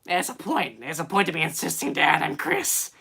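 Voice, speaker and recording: A streamer host with a highish, gravelly, slightly rough voice talks briskly on a relaxed live stream about movies. He rambles off the cuff with plenty of fillers and reads chat questions aloud, sounding unscripted and conversational throughout.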